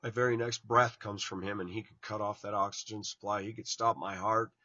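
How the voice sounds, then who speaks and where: Blunt, preachy man, bright lo-fi. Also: lowish voice, steady tone, a little fast, dry recording. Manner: blunt, preachy, swings from loud to hushed. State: tired, yawning. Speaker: online preacher. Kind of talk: informal sermon to viewers.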